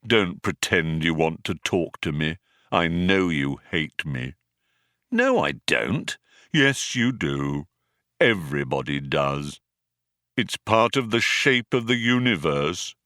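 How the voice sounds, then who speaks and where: A man voicing a gloomy, depressed male robot in an audiobook, with a muffled, mournful drone and slow, dejected delivery. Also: sits low, big pitch swings, sharp tone, no echo, clean studio sound, pitched below the performer's own voice, heavily acted. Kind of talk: audiobook character voice.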